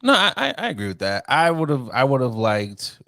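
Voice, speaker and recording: A man co-hosting a podcast in casual chat, animated and laughing often, acting out quotes in put-on voices. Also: medium pitch, moderate pace, vocal fry, no echo, studio quality. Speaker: podcast co-host.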